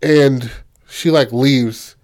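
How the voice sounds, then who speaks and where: A man casually pitching a film story, loose and profane, full of fillers, acting out characters in quick bursts. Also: darkish tone.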